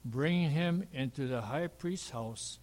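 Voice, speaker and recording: A man's voice: fairly high pitch, measured pace, a little mellow. Man reading scripture in a reverberant hall. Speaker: scripture reader. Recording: long reverb of a large hall.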